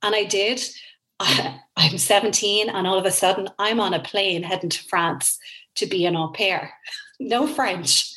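A woman's voice: medium pitch, normal speed, low-quality recording. A woman with an Irish accent, a guest in an interview, telling a personal story earnestly and with feeling. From Ireland. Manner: earnest, emotional, animated storytelling.

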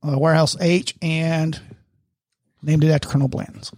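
A man's voice: fairly high pitch, level tone, moderate pace, a little mellow, dry recording, clean studio sound. An older man co-hosting a casual podcast chat, talkative and teasing his friends. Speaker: podcast co-host.

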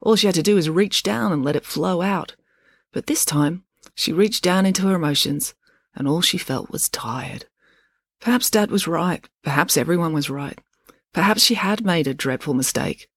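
A woman author narrating a storybook chapter in a calm, expressive reading. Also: fairly low pitch, normal speed, no room sound.

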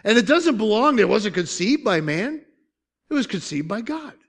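Animated high-voiced male preacher. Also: normal speed, gravelly. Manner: conversational, joking asides, asks the congregation questions. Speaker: pastor. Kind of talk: sermon.

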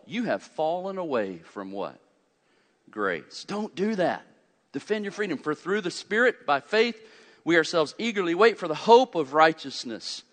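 A man preaching a fiery sermon, swinging from loud urgent peaks to quiet low asides and asking his congregation questions. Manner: asks the congregation questions and answers them. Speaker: pastor. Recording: long hall reverb.

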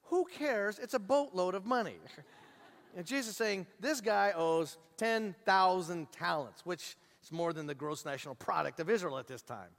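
Male pastor, high voice, lively storytelling sermon, long church-hall reverb. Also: a little fast, gravelly. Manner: animated storytelling, acting out the characters' voices.

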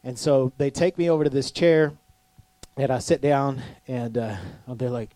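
A man's voice: fairly high pitch, fairly quick, mellow, dry recording. A middle-aged man preaching a conversational sermon, self-deprecating and often asking the crowd if they are with him. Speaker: pastor.

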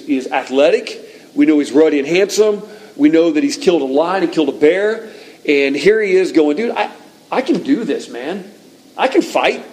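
A middle-aged man preaching a sermon, telling personal stories and acting out quotes with lively energy. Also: on the high side. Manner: animated storytelling, acts out quotes. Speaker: pastor.

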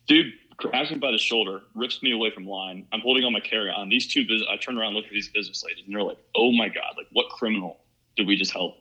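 A man's voice: fairly low pitch, bright, forceful tone, slightly rough. A young man from Ohio, telling a story as a podcast guest in a rambling, casual way, full of "like" and "you know". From Ohio, USA. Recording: muffled lo-fi recording.

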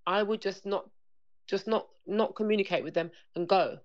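A woman's voice: mid-range voice, moderate pace. Earnest woman, lo-fi sound. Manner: earnest, repetitive, acts out dialogue. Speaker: parenting coach guest. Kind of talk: conversational interview. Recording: dull lo-fi sound.

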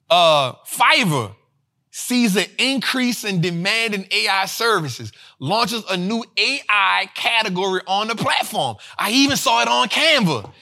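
A man hosting a finance show, talking in energetic casual commentary, slangy and animated, repeating lines for emphasis. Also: extremely high pitch.

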